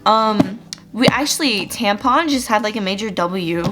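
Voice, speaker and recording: A woman's voice: medium pitch, expressive, a little slow, background noise. A young woman chatting casually in a reading vlog, gushing about a book with lots of fillers, tearful at times. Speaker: book vlogger.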